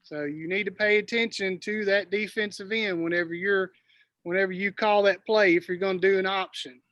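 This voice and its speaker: Man, football coach, bright tense voice, high pitch, dry lo-fi audio. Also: fairly even intonation, moderate pace, dry recording. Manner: explanatory, corrects himself, calls cadence. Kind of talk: virtual coaching session.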